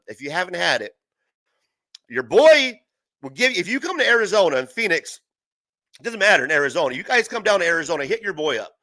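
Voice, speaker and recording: A man's voice: high-pitched, sharp tone, dry recording. A young man hosting a casual livestream from home, rambling through stories with heavy profanity and frequent laughter. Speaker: livestream host.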